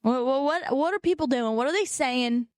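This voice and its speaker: A young woman co-hosting a casual chat podcast, animated and swearing freely. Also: high-pitched, moderate pace, no room sound, clean studio sound. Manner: animated, swears freely, mocks others in put-on voices. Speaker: podcast co-host.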